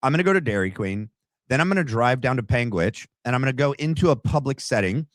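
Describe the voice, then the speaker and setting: A man's voice: medium pitch, lively intonation, fast, no room sound, pitched above the performer's own voice, close to an everyday voice. A man mockingly putting on the voice of a nonchalant young man casually planning his meals. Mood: mocking breezy. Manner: mocking, breezy, drawling.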